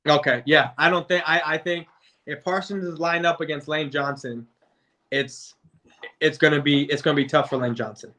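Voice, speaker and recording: Bright-voiced man rambling about football. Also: fairly high pitch, fairly even intonation, moderate pace. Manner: rambling, stumbles and restarts often. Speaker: guest debater, football fan. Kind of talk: casual sports debate.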